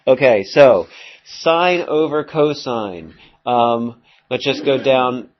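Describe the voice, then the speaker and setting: A man teaches a math lesson in a classroom, talking casually with plenty of fillers and asides to the students. His voice sits at a medium pitch. The recording sounds dull and lo-fi, picked up in the room. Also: animated, takes it slowly. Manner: chatty, rambling, full of fillers and asides to students. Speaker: high school math teacher.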